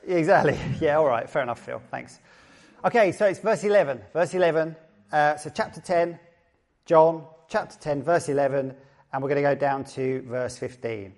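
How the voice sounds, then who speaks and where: A man's voice: fairly high pitch, normal speed, darkish tone. A middle-aged man with an Essex accent preaching a sermon as a pastor, chatty and joking, often repeating his phrases. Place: church service.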